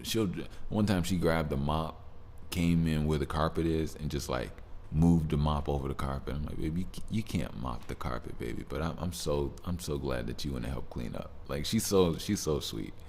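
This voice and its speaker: A man with an extremely low, slightly mellow voice hosts a solo podcast at a normal speed, with a bit of background noise. His casual monologue rambles along in a laid-back way, full of fillers and restarts.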